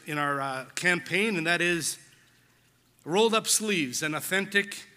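A man's voice: sits high, lively intonation, a little slow, bright, forceful tone, clean tone. A man preaching a sermon as pastor, earnest and telling a story with quoted voices. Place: church hall. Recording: long church hall reverb.

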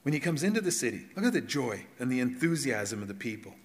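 A middle-aged man preaching a sermon in a conversational way, asking the congregation questions and swinging between loud and hushed. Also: mid-range voice, big pitch swings, fast talker, hardly any pauses, in a large hall. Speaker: pastor. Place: church hall.

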